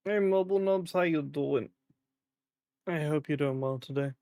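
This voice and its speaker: A man's voice: a little high, normal speed, warm tone, no room sound, clean studio sound. A young British man casually chatting and rambling on a live stream, swearing often, his voice cracking in the heat. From Britain. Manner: rambling, sweary, with frequent fillers.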